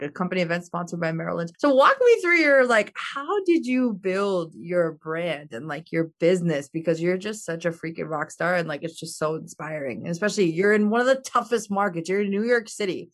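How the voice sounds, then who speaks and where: Woman podcast host, effusive and chatty, leaning on "like", mid-range voice. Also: medium pitch. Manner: gushing, peppers talk with "like". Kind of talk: podcast interview.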